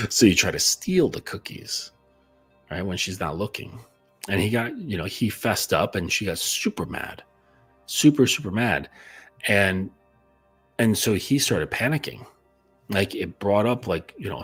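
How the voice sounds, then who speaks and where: A man with a lowish, slightly rough voice talks as a dating coach, telling a client's story in a casual, blunt monologue packed with fillers.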